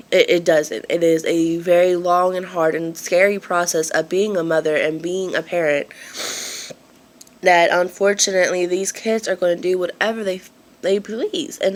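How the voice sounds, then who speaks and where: A woman, out of breath and wheezing, rambling apologetically in a casual home vlog. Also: lowish voice. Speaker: mother vlogging. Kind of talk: casual chat to camera.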